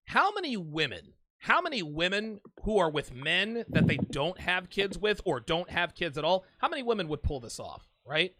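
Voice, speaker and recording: Brash profane call-in host, high bright voice. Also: male voice, no room sound. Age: 40s. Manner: brash, swaggering, profane, laughs often. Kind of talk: live call-in show banter.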